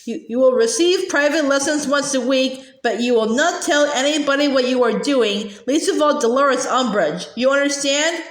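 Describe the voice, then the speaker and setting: A woman voicing a cold, sneering male wizard teacher who speaks quietly and disdainfully, in a roomy echo. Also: high-pitched, moderate pace, few pauses, lightly acted.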